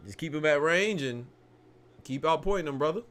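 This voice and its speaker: A young man giving casual live commentary on a boxing match, slangy and excitable, often restarting sentences and laughing. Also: fairly high pitch, moderate pace.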